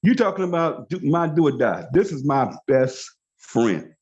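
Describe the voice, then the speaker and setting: A man's voice: on the high side, very animated, unhurried, a little mellow. A man giving an emphatic, motivational training talk on a video call, repeating his key phrases to drive them home. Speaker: network marketing trainer. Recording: dull lo-fi call audio.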